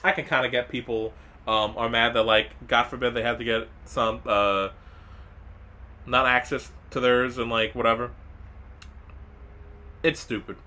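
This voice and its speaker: A man's voice: medium pitch, level tone, a little slow, long pauses, bright, forceful tone. A young man streaming live, chatting casually and rambling in an exasperated way, full of fillers and restarts, sometimes mock-angry at a viewer.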